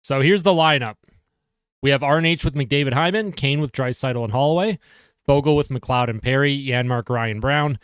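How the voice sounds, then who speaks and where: Man, live-stream hockey commentary, smooth clear voice, dry close sound, chatty, answers chat. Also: mid-range voice, moderate pace, no echo. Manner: chatty, reads chat aloud and answers viewers.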